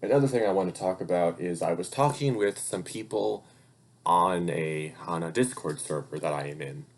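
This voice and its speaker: Young male vlogger, low register, rambling and profane, casual delivery. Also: normal speed. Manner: rambling and profane, gets heated when venting. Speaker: vlogger and hobby voice actor. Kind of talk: casual life-update rant.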